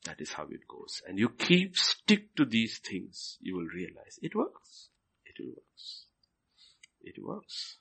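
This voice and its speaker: Man, pastor preaching a sermon, husky voice, highly animated pitch, repeats phrases, loud then whispered. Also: slow pace.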